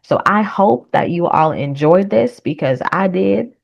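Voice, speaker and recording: A woman with a low, deep-set voice talks through her reaction to a trailer in a relaxed, chatty way. She speaks with earnest conviction and leans into encouraging, faith-tinged words when she signs off. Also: unhurried, creaky, muffled recording. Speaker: reaction vlogger. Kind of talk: casual reaction commentary.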